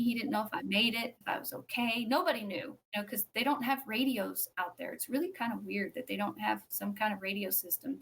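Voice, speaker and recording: A woman, a podcast guest, tells a personal story in a conversational way, acting out what others said and pausing with fillers. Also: mid-range voice, gravelly. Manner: animated, acts out quoted speech; frequent fillers and restarts.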